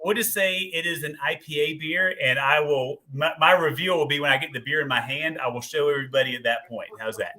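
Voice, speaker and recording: A man hosting a casual live-stream show, upbeat and quick to agree. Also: a little high, pushed and bright. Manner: upbeat, repeats yep and agreed. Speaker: host of a live tailgating show.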